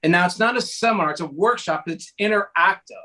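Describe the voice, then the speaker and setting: A man from New Jersey talking as a guest on a talk show in an energetic, chatty way. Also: high-pitched, fast. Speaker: guest speaker. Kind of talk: conversational interview talk.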